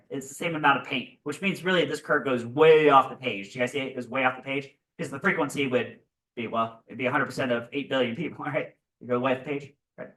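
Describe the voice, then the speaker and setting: A male physics teacher giving a classroom lecture, animated and constantly checking in with "right?". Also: medium pitch, distant mic, rough recording. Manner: animated, keeps asking "right?".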